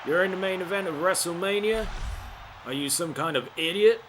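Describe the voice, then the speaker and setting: A man's voice: high-pitched, a little fast, fairly bright tone, slight background noise. A man putting on the voice of an ornery male wrestler who barks taunting questions.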